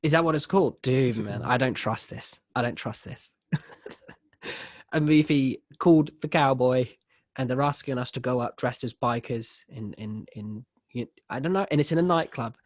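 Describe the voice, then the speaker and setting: A man's voice: mid-range voice, moderate pace, no room sound, studio quality. A man hosting a podcast, teasing his friend in casual, laughing chat with plenty of swearing. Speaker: podcast host.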